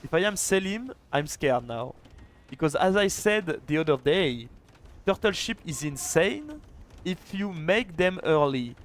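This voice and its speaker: A man casting a live strategy game match, chatty and excitable, with quick restarts. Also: fairly high pitch, a little hiss or hum. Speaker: esports caster and streamer. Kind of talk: live video game commentary.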